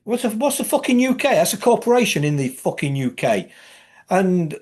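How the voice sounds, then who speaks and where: A man's voice: a little high, very animated, fairly quick, a little mellow. Heated, swearing Englishman ranting. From England. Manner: swearing often, heated, rising into emphatic outbursts. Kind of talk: profane monologue rant.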